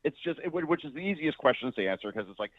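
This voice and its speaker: A man calling in as a media critic on a radio show, exasperated and firing off rhetorical questions. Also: fairly high pitch. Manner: animated, exasperated, rapid-fire rhetorical questions. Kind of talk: phone-in radio interview. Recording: tinny phone line.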